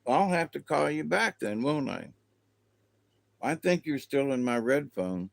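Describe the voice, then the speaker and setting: A man's voice: medium pitch, lively intonation, a little slow, vocal fry. A man hosting a casual spiritual livestream, rambling and chatting to viewers, often laughing. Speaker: livestream host.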